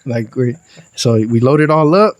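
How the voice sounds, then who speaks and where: A young man, a podcast guest telling a wild story in a lively, profane, slangy way. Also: mid-range voice, normal speed, no echo. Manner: animated, profane, slangy storytelling with acted quotes. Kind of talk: casual storytelling.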